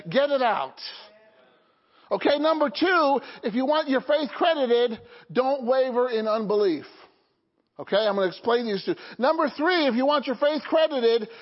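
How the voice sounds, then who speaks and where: Pastor, male, high voice, call-and-response sermon, dull lo-fi recording. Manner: call-and-response preaching, frequent "Okay?" and "Amen?".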